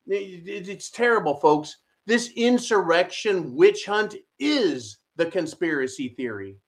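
Male host, fairly high voice, mocking and combative, ranting political commentary. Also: animated, a little slow. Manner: sarcastic, mocking, shouty rants with audience asides.

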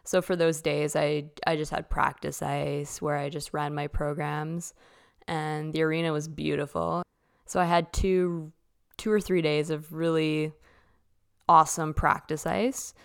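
A woman's voice: sits low, level tone, a little slow, vocal fry, clear, resonant tone. A young woman, casually telling stories in a chatty way full of "like" as a podcast host. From Canada. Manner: chatty, with lots of "like". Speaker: figure skater hosting a podcast. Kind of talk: casual storytelling.

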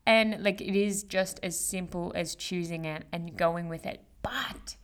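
A woman's voice: fairly low pitch, a little slow, clean tone. A young woman hosting a casual solo podcast, chatty and full of slang, fillers and swearing. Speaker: podcast host. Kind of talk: casual motivational monologue.

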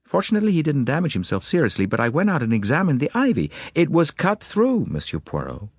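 A man's voice: on the high side, huge pitch swings, fast talker, slightly rough, dry recording, clean studio sound, voice pushed up, heavily acted. A man voicing a worried mother of two boys, speaking urgently in an audiobook.

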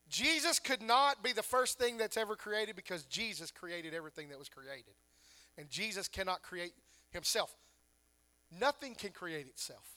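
Bright high-voiced man preaching. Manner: preaching with emphatic rhetorical questions. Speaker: pastor. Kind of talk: sermon.

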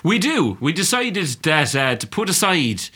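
A man's voice: a little high, big pitch swings, unhurried, bright, forceful tone, husky. A man co-hosting a podcast in casual, joking chat, swearing and laughing often. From Ireland. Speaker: podcast co-host.

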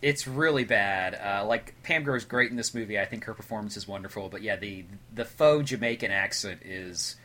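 A man's voice: lowish voice, normal speed, few pauses, sharp tone. A man co-hosting a podcast, talking casually about an old film with many restarts and fillers. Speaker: podcast co-host. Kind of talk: casual movie discussion.

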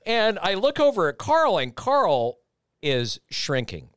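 A man telling a story in a lively way, acting out the people in it, played back as a podcast clip. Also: fairly high pitch, measured pace, clean tone. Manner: animated, acts out voices, laughing through the story. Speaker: radio host and guest. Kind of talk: animated storytelling.

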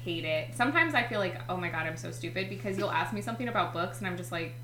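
A woman's voice: on the low side, animated, fast talker, fairly bright tone. A young woman co-hosting a casual book chat, candid and self-deprecating, often giggling. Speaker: podcast co-host. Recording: echoey room with faint hum.

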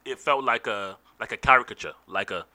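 A man's voice: on the low side, fairly quick, pushed and bright, no room sound. A man from England, chatting emphatically with friends. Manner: emphatic, talks about acting. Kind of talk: casual chat.

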